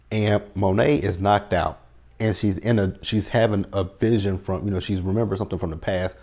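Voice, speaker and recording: A man's voice: deep voice, dark tone. A man, recapping a TV episode in a blunt, sassy, profane casual chat. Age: 30s.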